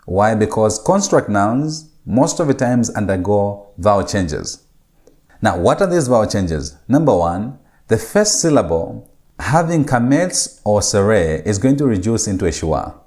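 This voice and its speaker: Casting note: male lecturer, somewhat low voice, methodical, numbers his steps and repeats key rules. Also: very animated, unhurried, darkish tone. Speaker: Hebrew grammar lecturer. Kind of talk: recorded lecture with slides.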